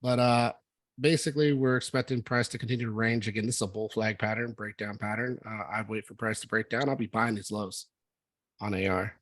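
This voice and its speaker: A man hosting a casual trading meeting, talking through charts in a relaxed, rambling way with lots of fillers. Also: lowish voice, fairly quick, no echo. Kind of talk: casual market discussion.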